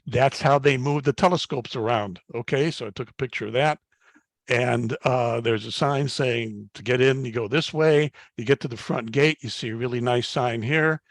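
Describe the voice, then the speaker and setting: An older man in his seventies gives a guest slide talk to an astronomy club, moving through his slides in a folksy, anecdotal way. His voice sits at a middling pitch, and his speech is full of "uh"s and little restarts. The sound is dry and close, with no room around it. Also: normal speed, gravelly, dry recording. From Chicago, United States. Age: 70s. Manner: folksy storytelling with frequent fillers and restarts.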